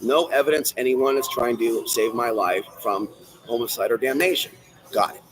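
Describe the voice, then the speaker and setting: A man's voice: moderate pace, a crowd in the background, low-quality recording. Ranty man rambling on a livestream. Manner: ranty, swings from loud bursts to low muttering; talks straight to viewers and the chat. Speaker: livestream host. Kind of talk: rambling solo livestream monologue.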